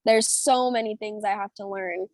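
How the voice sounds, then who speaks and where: Recorded dry, a young US woman speaks at medium pitch and a moderate pace. She's a singer being interviewed by video call, bubbly and chatty as she rambles through stories, laughing and using many fillers.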